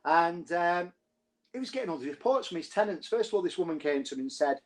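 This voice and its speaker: A man's voice: fairly high pitch, animated, quick pace. A man with a northern English accent hosting a live show, telling local ghost stories in a chatty, joking way with frequent laughs. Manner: chatty, jokey, laughs often. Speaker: host. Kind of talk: live-streamed ghost storytelling.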